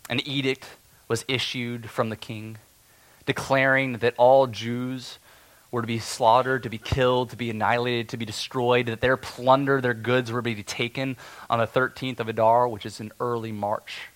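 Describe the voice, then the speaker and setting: Man performing steadfast defiant elder, first-person biblical monologue, earnest, loud declarations, hushed lows, mid pitch. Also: level tone, normal speed. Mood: grieving. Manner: earnest, stirring, swings between loud declarations and hushed tension.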